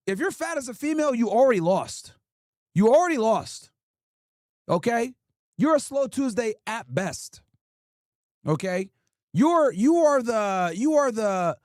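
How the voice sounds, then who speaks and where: A man's voice: sits high, no echo, studio quality. A man hosting a livestream, giving crude, mocking reaction commentary and laughing often. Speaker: livestream host.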